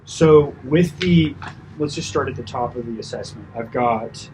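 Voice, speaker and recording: A personal trainer gives a chatty, animated debrief after a client session, packed with fillers and asides. His mid-range voice moves at a measured pace in this casual coaching talk, against a noisy background.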